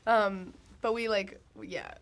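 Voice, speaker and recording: A woman's voice: mid-range voice, steady tone, takes it slowly, background noise. A woman in her twenties, a musician being interviewed, talking casually with lots of fillers, laughs and trailing thoughts. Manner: giggly, filler-heavy, trailing off. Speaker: guest musician.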